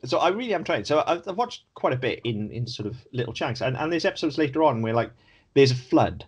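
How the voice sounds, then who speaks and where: Guy on a podcast, kinda husky, ranting about a show, swears a bit. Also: mid-range voice, big pitch swings, fast talker. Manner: opinionated, critical, swears casually. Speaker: podcast co-host. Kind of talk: casual chat.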